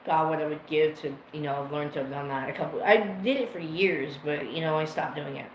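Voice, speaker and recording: A man's voice: a little high, brisk. Rambling emotional man in an echoey room. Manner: rambling, emotional, swears freely. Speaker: livestream host. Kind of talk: casual storytelling to a live chat. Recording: roomy echo with faint ambient noise.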